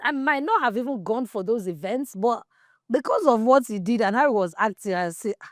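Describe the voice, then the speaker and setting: A woman's voice: on the high side, moderate pace, pauses often, no echo, studio quality. Nigerian woman telling a candid story. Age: 40s. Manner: animated, slips into pidgin and plays out quoted dialogue. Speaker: podcast host.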